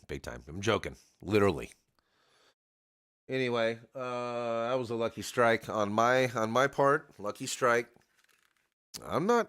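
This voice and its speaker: A man's voice: fairly low pitch, fairly bright tone, dry recording, clean studio sound. A man hosting a live karaoke stream, chatting in a rambling, joking way and talking straight to his viewers. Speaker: livestream karaoke host greeting viewers. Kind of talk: casual rambling chat.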